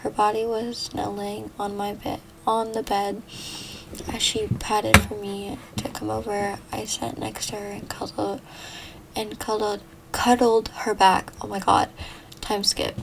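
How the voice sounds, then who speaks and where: A woman's voice: medium pitch, level tone, unhurried, gravelly, fairly bright tone, a little hiss or hum, rough recording. A young woman casually reading a fan story aloud, stumbling over words and correcting herself as she goes. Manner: stumbling, giggling at the text, self-correcting. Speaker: fan fiction reader.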